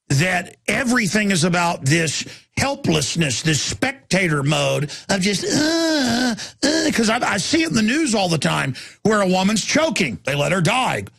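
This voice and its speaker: A man's voice: high voice, creaky, fairly bright tone, slightly rough, no room sound, clean studio sound. A man from Texas, hosting a talk radio show and ranting in a heated, rambling way, often repeating words as he restarts.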